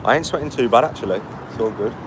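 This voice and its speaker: A man's voice: mid-range voice, fast talker. A tired man on a long walk, reading live chat aloud and firing back blunt, mocking retorts. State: tired from walking. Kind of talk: casual live-stream chat. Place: outdoors by a street on a walk. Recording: faint street noise behind.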